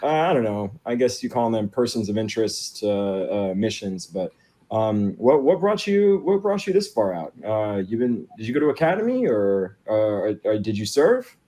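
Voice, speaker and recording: A man playing a good-humored adult spacefarer in a tabletop game, talking haltingly with many fillers and restarts. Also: on the low side, very animated, dark tone. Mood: friendly.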